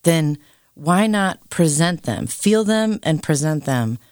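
A mid-pitched podcast co-host explains ideas thoughtfully and at length, dropping in quick asides. The voice is close on the mic in a dry room. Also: lively intonation, dry recording. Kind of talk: casual faith discussion.

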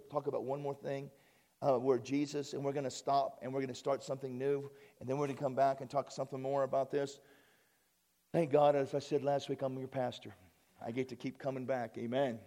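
A man pastoring his church, preaching a sermon with folksy asides and sudden rises in pitch and volume. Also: warm tone.

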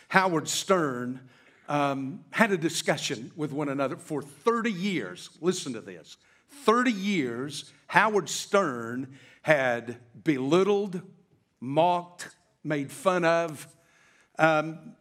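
A middle-aged male pastor telling a story in a sermon, slowing down and drawing out key words for emphasis. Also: fairly high pitch, a bit bright.

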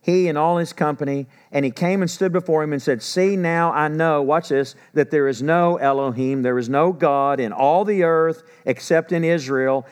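A man in his sixties with a drawl, teaching scripture in a folksy way. His voice sits a little high for a man. He reads verses and then retells them in everyday talk. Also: clean tone. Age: 60s. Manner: folksy, paraphrases scripture in a lively conversational voice. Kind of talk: Bible teaching.

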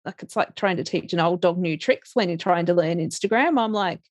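A woman's voice: fairly low pitch, brisk, dry recording, clean studio sound. A middle-aged woman, chatting casually as an interview guest, laughing often and restarting her sentences. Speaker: interview guest, life coach.

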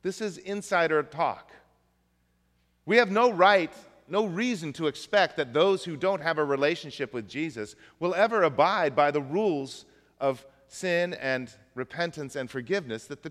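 A man's voice: on the high side, fairly bright tone, big-room sound. A man preaching a sermon as pastor, conversational and folksy, mixing jokes into the message. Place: church.

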